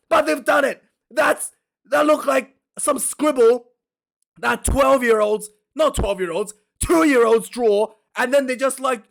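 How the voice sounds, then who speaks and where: A man hosting a casual rugby predictions vlog, talking in an animated, jokey, ranting way with loud outbursts. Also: extremely high pitch, a little slow, gravelly. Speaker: rugby vlogger.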